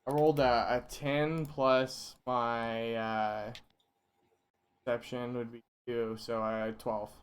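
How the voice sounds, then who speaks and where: A man's voice: medium pitch, flat delivery, slow. Teasing man at the game table. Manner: teasing, pushes others to stay in character. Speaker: player. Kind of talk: casual tabletop game chat.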